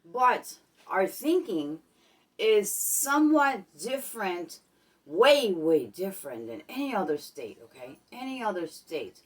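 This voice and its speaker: A woman's voice: medium pitch, sing-song, a little slow, distant mic. A woman from New York with a New York accent, vlogging in a chatty way and tagging her sentences with "okay?" and "guys". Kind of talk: casual vlog monologue.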